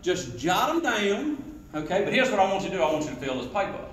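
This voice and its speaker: High-voiced sales trainer in a hall. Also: male voice, quick pace, far from the mic. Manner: animated, quizzes the audience, acts out sales pitches. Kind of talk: sales rally talk to a live audience. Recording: roomy hall echo with faint noise.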